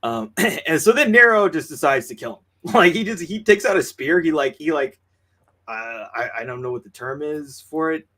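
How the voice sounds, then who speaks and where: A man's voice: fairly high pitch, animated, normal speed, pushed and bright. Rambling man recapping a film. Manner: rambling, recaps scenes with many fillers and restarts. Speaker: podcast co-host. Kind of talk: casual film review chat.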